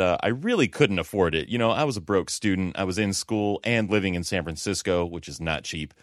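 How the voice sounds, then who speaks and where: A man hosting a casual sports podcast, telling a relaxed, reflective story. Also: sits low, dry recording, studio quality. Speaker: podcast host. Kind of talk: casual chat.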